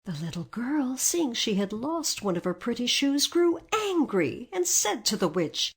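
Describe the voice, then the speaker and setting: A woman narrating a storybook aloud in an expressive read-aloud manner. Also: a little high, unhurried, hardly any pauses, husky.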